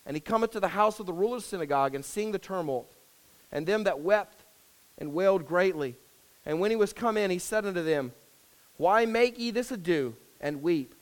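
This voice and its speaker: High-voiced pastor guy preaching, earnest, gets louder reading scripture. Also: animated. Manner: earnest, rises and swells when reading scripture aloud; hushed and slow in prayer.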